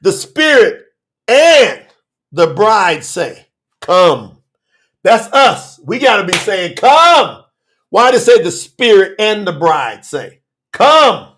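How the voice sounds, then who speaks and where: A man preaching a live-streamed sermon in a very high, strikingly animated voice, swinging between soft asides and fervent shouts. He takes his time between phrases, talking loosely to viewers and then hollering scripture back at them. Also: slow. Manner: fervent, breaking into shouts and laughs; casual colloquial talk to viewers.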